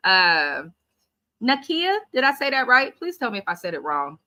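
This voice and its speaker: A woman hosting a casual live-stream recap of a reality show, talking in an animated, sassy way and reading out viewer comments. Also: a little high, moderate pace.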